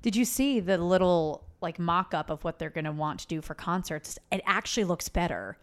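A woman's voice: on the low side, lively intonation, normal speed. A woman co-hosting a podcast, chatting casually in a giggly, candid way. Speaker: podcast co-host. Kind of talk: casual chat.

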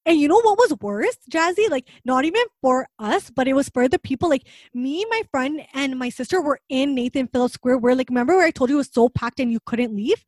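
A young woman telling a story in casual chat, animated and full of fillers, acting out what people said. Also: sits high, a little fast, few pauses, no room sound. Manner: animated storytelling with many fillers and acted-out quotes.

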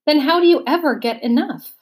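An earnest, curious young boy from a storybook, asking one question after another, as a woman reads him. The voice sits a little high and sounds hungry and puzzled. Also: brisk, natural voice.

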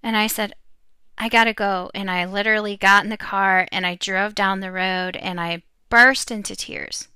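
Middle-aged woman telling her faith story, bright clear voice, dry close sound, earnest and a bit halting. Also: mid-range voice, steady tone, no room sound. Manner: earnest, emotional storytelling with fillers. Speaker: Christian speaker sharing a testimony. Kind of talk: personal testimony talk.

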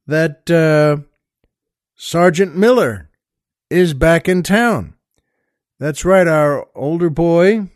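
A man's voice: fairly high pitch, dry recording, studio quality. An older man hosting his own show, retelling a favorite movie scene in a rambling, folksy way, full of "well" and "by the way" asides. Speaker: podcast host. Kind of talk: casual storytelling monologue.

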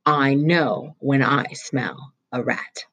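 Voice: medium pitch, slow pace, a bit bright. A teacher reading a novel aloud voices a stern middle-aged female vice principal who speaks acidly and accuses. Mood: accusing. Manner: acid and accusing.

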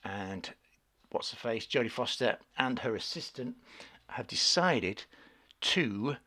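A man co-hosting a casual film podcast, opinionated and quick to rant with exasperation. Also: mid-range voice, lively intonation, sharp tone. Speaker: podcast co-host.

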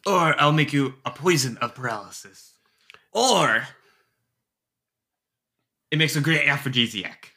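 A man's voice: mid-range voice, lively intonation, unhurried, pauses often, bright, forceful tone. A man voicing a shrewd male gnome alchemist with a put-on pirate accent, haggling over potions. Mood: wheedling. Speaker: shopkeeper character.

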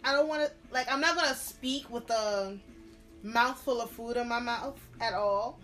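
A woman's voice: on the high side, normal speed, fairly bright tone, soft background music. A woman co-hosting a podcast in casual chat, earnest and emphatic as she gives advice. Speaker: podcast co-host.

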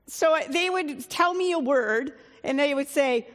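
A woman's voice: sits high, normal speed, hardly any pauses, in a large hall. A woman pastor giving a sermon in a conversational, plain-spoken way, with the odd filler.

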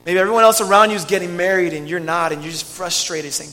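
Bright-voiced man preaching in a reverberant hall. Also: high-pitched, little pitch movement, fast. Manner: earnest, pleading, swings from loud emphasis to hushed lines. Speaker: pastor. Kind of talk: sermon.

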